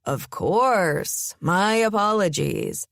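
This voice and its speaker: A woman's voice: medium pitch, lively intonation, very slow, gravelly, dry recording, studio quality, heavily acted. A woman voicing a teasing, easygoing young man in an audiobook. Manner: mild, wry.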